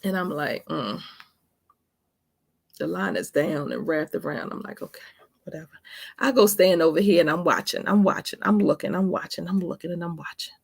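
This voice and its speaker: Woman in her 40s, casual vlog storytelling, gravelly voice, dry close sound, emphatic and chatty. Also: lowish voice, moderate pace, no echo. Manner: chatty, emphatic, speaks to viewers as "honey" and "baby". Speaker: vlogger.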